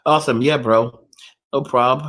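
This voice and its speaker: A man's voice: medium pitch, fairly even intonation, unhurried, a bit bright. A man hosting a casual livestream, answering his chat in a rambling way with many fillers and restarts. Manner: rambling, heavy use of "like" and restarts. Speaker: livestream host reading chat.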